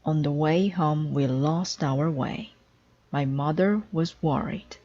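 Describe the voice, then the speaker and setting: A woman voicing a calm, kindly male frog in a storybook read-aloud, with a gentle, patient delivery. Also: low voice, slow, no room sound, dull audio. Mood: teasing.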